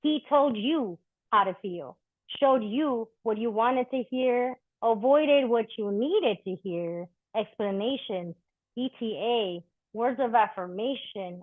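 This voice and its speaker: Woman, spoken-word poet, expressive and blunt, casual stage banter, tinny phone-like sound. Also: fairly high pitch, measured pace, no room sound. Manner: candid and expressive, swears freely. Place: live poetry event. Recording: thin phone-like dry recording.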